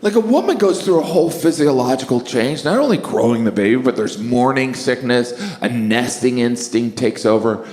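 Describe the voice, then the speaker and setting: A middle-aged man performing stand-up comedy, deadpan, bursting into shrieking exaggerations. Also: medium pitch, moderate pace, hardly any pauses. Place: large live comedy venue with audience laughter. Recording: echoey hall, noisy audience room.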